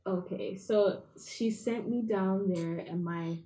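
A woman from England, a podcast guest, telling stories from her childhood in a lively, laughing way. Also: mid-range voice, slow, poor audio. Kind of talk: casual storytelling chat.

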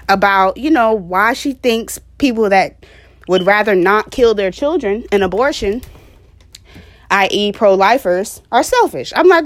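A woman with a slightly high voice holding forth in an opinion monologue. She speaks with a passionate, emphatic, lecturing edge and drops quick laughs into her asides. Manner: preachy, lecturing. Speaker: vlogger.

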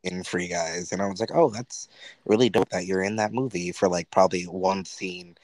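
A man's voice: deep voice, fairly even intonation, normal speed, a little mellow, dry recording, low-quality recording. A young man co-hosting a podcast in casual chat, joking and laughing easily and calling his friend "bro.". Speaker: podcast co-host.

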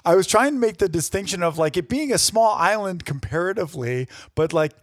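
A man's voice: sits high, expressive, a little fast, no echo, studio quality. A middle-aged man co-hosting a podcast, telling rambling stories in casual chat. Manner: rambling storyteller. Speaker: podcast co-host.

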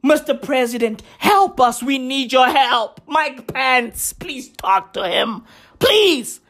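A woman's voice: sits high, animated, takes it slowly, fairly bright tone, exaggerated voice. A woman doing frantic pleading residents. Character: desperate pleading residents begging for help.

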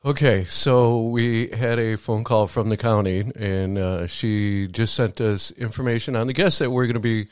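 A man co-hosting a weekend radio show, chatty and excitable, stumbling over his words at times. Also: fairly low pitch, normal speed, few pauses, clean tone, dry recording, studio quality. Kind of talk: casual radio chat. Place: small home studio. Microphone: studio mic.

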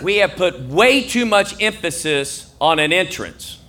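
A man preaching a sermon as pastor, acting out dialogue and swinging from hushed asides to shouted lines. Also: high voice, lively intonation, unhurried.

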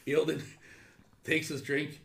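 A man playing in a tabletop game, describing his character's actions haltingly with fillers. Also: on the high side, little pitch movement, vocal fry, a bit bright, reverberant. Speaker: player.

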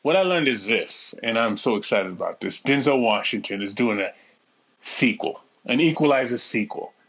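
A man chatting casually on a podcast, animated and profane, with lots of tangents. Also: medium pitch, moderate pace. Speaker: podcast co-host.

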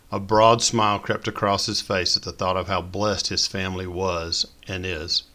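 A man narrating a story in a steady, descriptive way. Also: low voice, normal speed, few pauses. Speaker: audiobook narrator.

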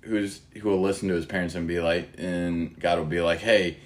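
A man's voice: sits low, fairly even intonation, moderate pace. A young man co-hosting a casual faith podcast, joking around and acting out quoted voices in little skits. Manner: jokey, acts out quoted voices. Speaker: podcast co-host.

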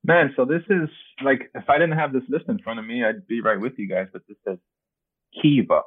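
A man's voice: medium pitch, fairly quick, husky, no echo. A man from New York City, a guest on a podcast, chatting in an easygoing, good-humored way over a remote call. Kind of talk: casual chat over a call. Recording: dry, tinny call audio.

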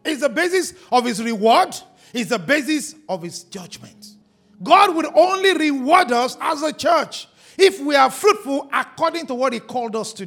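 Pastor, male, high animated voice, emphatic sermon delivery. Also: gravelly. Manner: emphatic preaching, stretching and shouting key words.

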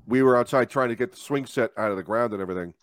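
A man co-hosting a podcast, telling a story in casual, animated chat with swearing and laughter. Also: mid-range voice, very fast. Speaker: podcast co-host.

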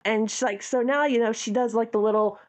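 A woman co-hosting a podcast in casual chat, an animated and heartfelt storyteller. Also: on the high side, fairly quick. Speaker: podcast co-host.

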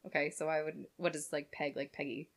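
A woman's voice: deep voice, flat delivery, brisk. A woman co-hosting a podcast in casual comedic chat, teasing and laughing often. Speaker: podcast co-host.

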